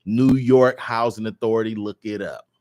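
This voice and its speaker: A man's voice: lowish voice, fairly even intonation, normal speed, a little mellow, dry recording. A man co-hosting a radio show, talking passionately and casually about his city's community issues. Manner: passionate, fired-up community advocacy.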